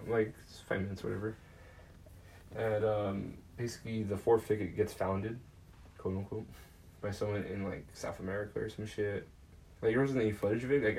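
A man's voice: fairly low pitch, darkish tone, slight background noise, low-quality recording. A man casually recapping a movie, rambling and swearing often. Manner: rambling, swears often, lots of fillers and laughs. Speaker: podcast host.

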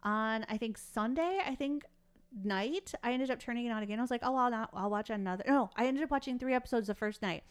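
A woman co-hosting a podcast in casual chat, an animated storyteller who rambles with many fillers. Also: on the high side, a little fast, clear, resonant tone. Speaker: podcast co-host.

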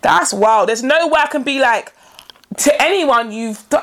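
A woman co-hosting a casual podcast chat, blunt and animated, acting out quotes in mocking voices. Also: sits high, a little slow, a little hiss or hum. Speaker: podcast co-host.

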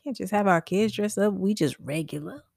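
A woman in her thirties, co-hosting a casual chat, who laughs often and acts out what people said with big jumps in pitch. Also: normal speed, vocal fry, a little mellow, dry recording, studio quality. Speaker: podcast co-host.

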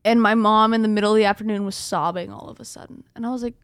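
A young woman co-hosting a casual podcast, telling a spooky story in an animated way and swearing freely. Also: medium pitch, rapid-fire, clean tone, no echo. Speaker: podcast co-host.

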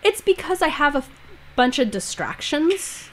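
Woman co-host, casual chat, slightly high voice, blunt and crude, mocking tone. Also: very animated, moderate pace, slight background noise. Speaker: podcast co-host.

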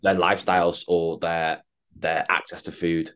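A man's voice: deep voice, flat delivery, moderate pace, a bit bright. A young man, a fitness coach in casual chat, blunt and sweary, calling his co-host mate.

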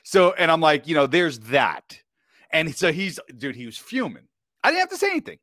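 A man tells a story as a podcast guest in a casual, slangy way, keeps checking in with his listener. His voice sits a bit high and swings widely as he gets worked up. The sound is dry and close, with no room around it. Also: normal speed, dry recording. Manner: animated, slangy, keeps saying "bro" and "you know what I mean".

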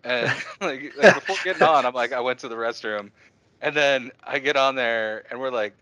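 In a dry recording, a man hosts a podcast at a moderate pace, his mid-range voice carrying lively stories. The chat is casual, and laughter breaks in frequently.

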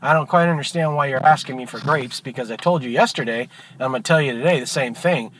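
A man's voice: medium pitch, fast, fairly bright tone, a little hiss or hum, close to an everyday voice. A man playing an irritable male bartender who lectures and loses patience. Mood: puzzled. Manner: exasperated, lecturing.

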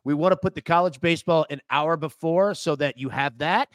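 Man, betting analyst, slightly high voice, dry close sound, casual, conversational. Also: a little fast, no room sound. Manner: laid-back, conversational, pitchman. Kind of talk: casual sports betting chat.

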